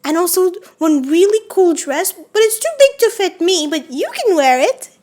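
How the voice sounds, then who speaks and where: A woman's voice: extremely high pitch, big pitch swings, normal speed, darkish tone. A woman voicing a sweet little girl who hosts a pretend tea party in an audio role-play, talking earnestly with childlike put-on fancy manners. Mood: chatty, eager. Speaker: voice actor.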